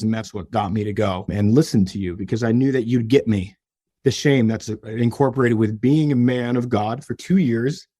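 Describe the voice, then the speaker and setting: A man's voice: mid-range voice, mellow, dry recording. Young guy on a podcast, earnest and emotional, stumbles and restarts a lot, mid voice, dry sound. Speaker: podcast guest. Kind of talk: personal story in an interview.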